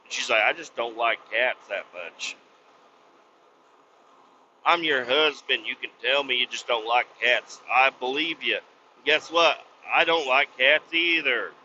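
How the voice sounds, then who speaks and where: A man hosting a podcast, ranting bluntly with lots of swearing and sudden loud outbursts. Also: a little high, a little hiss or hum. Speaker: podcast host. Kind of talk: profane comic rant. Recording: slightly dull lo-fi recording.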